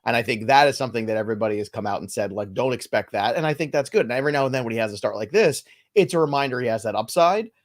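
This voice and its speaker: A man's voice: medium pitch, lively intonation. A man co-hosting a live fantasy baseball stream, chatting casually and joking between player updates. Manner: loose, joking banter with quick asides.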